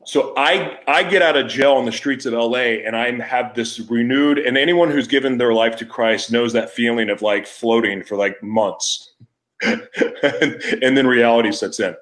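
A man with a mid-range, slightly bright voice hosts his podcast at a moderate pace. He tells a raw personal story candidly and with emotion, restarting often and leaving thoughts unfinished.

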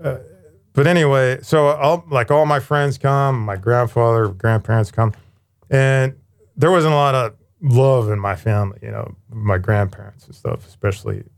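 Candid, animated man telling stories. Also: medium pitch, normal speed. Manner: candid, animated storytelling with casual swearing. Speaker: interview guest, former firefighter paramedic. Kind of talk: casual storytelling conversation.

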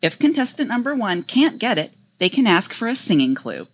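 Husky woman, playful co-host. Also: on the high side, big pitch swings, brisk. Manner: playful, teasing. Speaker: podcast co-host. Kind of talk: casual chat.

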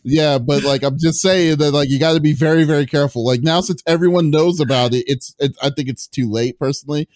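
A man hosting a gaming podcast, chatting casually, halting with many fillers and restarts and laughing often. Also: on the high side, steady tone, darkish tone, no room sound, studio quality. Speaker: podcast host. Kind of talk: casual chat.

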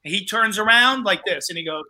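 A man's voice: high-pitched, brisk. A man, a comedian and show host, telling a story in casual podcast talk and acting out the voices of the people in it. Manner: animated storyteller, acts out quoted voices.

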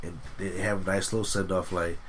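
Man, bright voice, casual chat, movie recap, acts out lines. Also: sits low, little pitch movement, a little fast, a little hiss or hum. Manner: retells scenes, acting out characters' lines.

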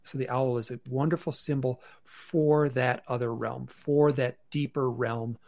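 A man speaks over a video call from his bedroom, his voice gravelly with a bit of fry. He tells his story casually and haltingly, restarting phrases and filling gaps with "um". The sound is dry and close, with no room around it. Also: medium pitch, steady tone, darkish tone, no room sound. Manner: halting, many restarts and fillers. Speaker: podcast guest. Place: bedroom at home.

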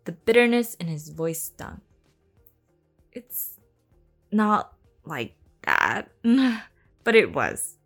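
A woman reads a romance novel aloud with a giggly, chatty delivery, stopping often to laugh and comment. Her voice sits at a middling pitch, and she slips into a whisper for hushed passages. Soft background music runs quietly underneath. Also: big pitch swings, takes it slowly, pauses often. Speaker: podcast host reading a novel aloud. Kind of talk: casual read-aloud with chatty asides.

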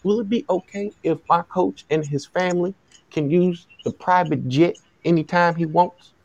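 A man voicing a pushy, smooth-talking male sports agent with a put-on Southern accent, slow and polite as he piles on demands. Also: high voice, a little mellow, no echo, highs cut off, pitched above the performer's own voice. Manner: slow, polite, wheedling deal-making.

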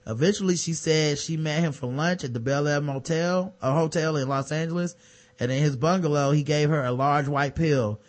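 A man's voice: fairly high pitch, normal speed. A man co-hosting a podcast, reading news items aloud and breaking off with sarcastic, profane remarks in casual chat. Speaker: podcast co-host.

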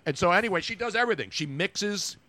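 A man's voice: high-pitched, lively intonation, quick pace, bright, forceful tone, no room sound. An older man, a longtime radio host, chatting casually in a wry storytelling way. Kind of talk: casual chat.

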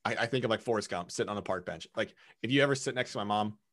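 A man's voice: lowish voice, fairly bright tone. A man chatting casually, stumbling and repeating words as he talks. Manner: halting, restarts words, laughs easily. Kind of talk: casual chat.

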